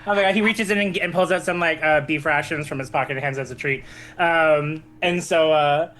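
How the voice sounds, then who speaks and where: A woman playing a tabletop role-playing game, excitable and quick to shriek and laugh. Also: low voice, a little hiss or hum. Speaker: player. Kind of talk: in-character tabletop play.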